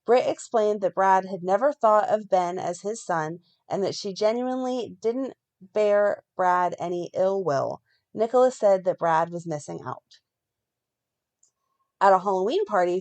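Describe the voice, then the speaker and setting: Woman reading thru a podcast recap, steady narration w little asides. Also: medium pitch. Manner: reads plot summary in a steady run, breaks off to comment. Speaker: podcast co-host recapping a soap.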